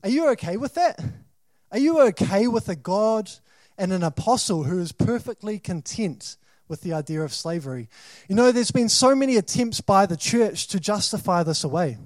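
A man's voice: high-pitched, very animated, normal speed, dry recording. A man with a New Zealand accent preaching a sermon, questioning and dramatic, rising to emphatic bursts.

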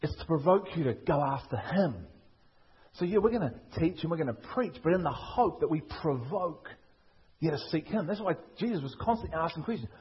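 Man, Liverpool accent, preaching, husky voice, slightly high, muffled lo-fi sound. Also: expressive, a little fast. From England. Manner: emphatic, rhetorical questions, repetitive preaching. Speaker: pastor. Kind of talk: sermon.

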